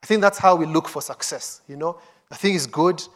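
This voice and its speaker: A man's voice: a little high, brisk. A man preaching a sermon, reading scripture and acting out the quoted voices with urgency.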